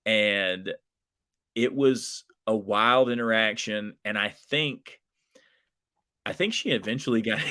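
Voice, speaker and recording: A man speaking in a lowish, bright, forceful voice, chatting as a guest. He tells his story in an animated way, with lots of fillers and restarts. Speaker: professional wrestler, guest. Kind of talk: casual storytelling in an interview.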